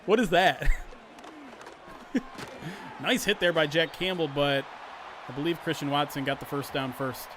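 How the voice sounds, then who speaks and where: Slightly high-voiced male play-by-play streamer. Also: measured pace, pauses often, noisy background. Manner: animated play-by-play mixed with chatty asides to viewers; clears his throat often. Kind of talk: livestream sports play-by-play commentary.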